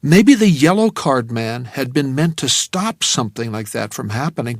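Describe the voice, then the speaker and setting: A male narrator with a gravelly, fry-edged voice, reading a first-person novel in a measured, tense way. His pitch sits in the middle range, and the recording is close and dry, with no room sound at all. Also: expressive, dry recording. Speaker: audiobook narrator.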